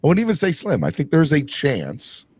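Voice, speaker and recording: A man's voice: a little high, wildly swooping pitch, moderate pace, slightly rough, no room sound. A man hosting a casual sports podcast, talking emphatically and often restarting his sentences. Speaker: podcast host.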